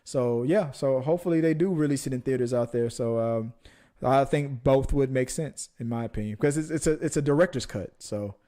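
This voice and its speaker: A man's voice: medium pitch, a little fast, warm tone. A man co-hosting a movie podcast, chatting casually with many restarts and jokes. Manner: rambling, many restarts, jokey. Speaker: podcast co-host. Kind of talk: casual chat.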